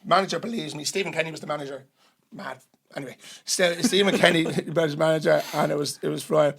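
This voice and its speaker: Irish guy, gravelly slightly high voice, animated storyteller. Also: fast. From Ireland. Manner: lively storyteller, acts out others' voices, swears freely. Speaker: podcast guest. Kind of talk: storytelling in casual chat.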